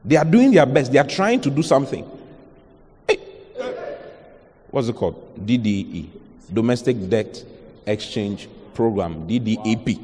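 A man's voice: medium pitch, a little mellow, slightly rough, big-room sound. A man with a Ghanaian accent, preaching a sermon as a pastor, emphatic and full of rhetorical questions.

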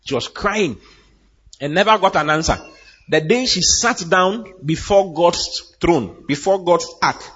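A man preaching with a lively, swooping delivery, acting out the people in his Bible stories. His voice is husky and slightly high, and the recording sounds dull and lo-fi. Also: unhurried. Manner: animated preaching, acting out Bible characters and laughing. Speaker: pastor. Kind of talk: sermon.

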